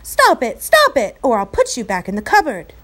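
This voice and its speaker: Anxious young boy, high urgent voice, storybook reading, voiced by a woman. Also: sing-song, normal speed.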